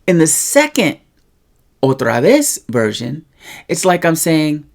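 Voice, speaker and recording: A friendly but plain teaching voice at a middle pitch, walking through examples one by one. The speaker often stops to check in with the listener. The delivery swings in pitch and loudness to stress key words. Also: huge pitch swings, slow pace, creaky, pauses often. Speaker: Spanish teacher. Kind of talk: casual teaching monologue.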